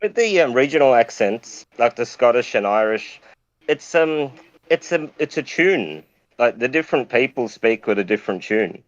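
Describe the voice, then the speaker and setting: A man chats in a halting way, often stopping and restarting his words. His voice sits in an ordinary middle range, and the sound is a little muffled and lo-fi. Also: mid-range voice, animated, dry recording. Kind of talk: casual chat. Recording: dull lo-fi audio.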